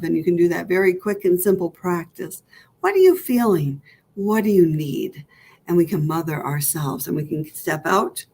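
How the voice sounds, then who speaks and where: A woman minister with an American accent leading a gentle guided meditation, soothing and slow, sometimes dropping to a soft whisper. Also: lowish voice, vocal fry, husky. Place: church hall.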